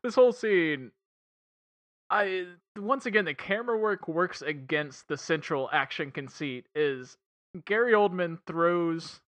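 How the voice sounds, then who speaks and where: A man's voice: fairly high pitch, fairly bright tone. A man co-hosting a casual film podcast, rambling, swearing and laughing a lot. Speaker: podcast co-host reviewing a film. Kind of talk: casual chat.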